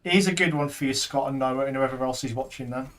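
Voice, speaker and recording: A man's voice: mid-range voice, fast, fairly bright tone. A man, chatting and joking casually while streaming a game, a father teasing his daughter. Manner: jokey, teasing, rambling. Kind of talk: casual gaming stream chat.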